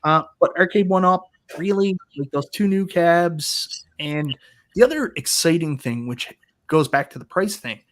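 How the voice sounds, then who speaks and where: Guy in his 30s hosting a video call chat, kinda high voice, cracks jokes and laughs a lot. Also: animated, measured pace, a bit bright. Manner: jokey storyteller, laughs a lot. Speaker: host of an arcade talk show. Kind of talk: casual panel chat.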